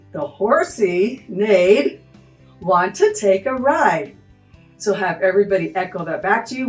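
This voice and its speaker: A woman's voice: fairly high pitch, reverberant, distant mic. A woman music teacher walking through a lesson, acting out animal sounds as she explains. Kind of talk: teaching tutorial.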